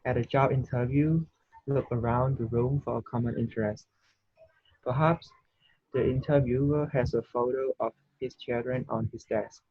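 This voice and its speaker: A man reads a textbook passage aloud in an online English lesson, carefully and with a few restarts. His voice is husky, and the sound is dull and lo-fi. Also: mid-range voice, steady tone, normal speed, no room sound. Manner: careful reading with small restarts. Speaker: student. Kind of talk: reading a text aloud in class. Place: video call.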